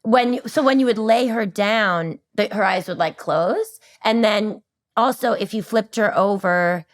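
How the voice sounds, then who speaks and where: Animated, laughing woman telling stories. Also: mid-range voice, a little slow. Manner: animated storyteller, laughs often, acts out voices. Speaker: podcast guest. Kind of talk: casual chat.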